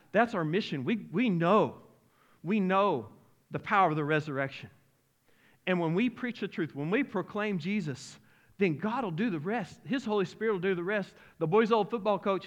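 Folksy, animated preacher man. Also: fairly high pitch. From Arkansas-Oklahoma region. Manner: folksy, animated, emotional preaching with many restarts. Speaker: pastor. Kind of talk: sermon.

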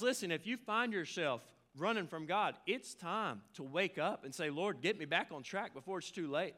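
Pastor guy preaching, bright voice, jokey asides, keeps it casual. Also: fairly high pitch. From Arkansas. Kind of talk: sermon.

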